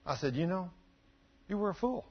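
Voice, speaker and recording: Husky preacher, folksy and emphatic. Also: male voice, sits high, animated, normal speed. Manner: folksy storytelling, swings from quiet to loud emphatic. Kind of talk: sermon. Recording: dull lo-fi church recording.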